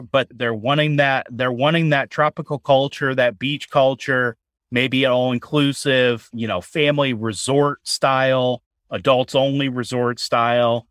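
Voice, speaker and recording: A man's voice: mid-range voice, fairly bright tone, no echo, clean studio sound. A man co-hosting a casual chat, talking in a chatty way with restarts and repeated words. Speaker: co-host.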